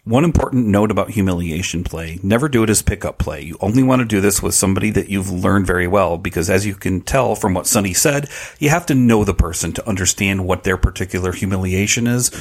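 A man co-hosting a podcast, giving measured advice in casual talk. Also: sits low. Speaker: podcast co-host.

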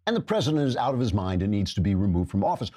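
A man hosting a political talk show, sarcastic and mocking, with a slightly husky voice. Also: on the low side, big pitch swings, very fast, mellow.

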